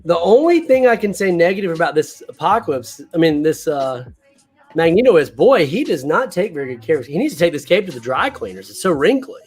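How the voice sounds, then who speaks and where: A man's voice: a little high, very animated, a little fast, slightly rough. Enthusiastic man hosting a toy stream. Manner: enthusiastic, laid-back. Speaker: host of a toy unboxing stream. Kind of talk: casual live-stream chat.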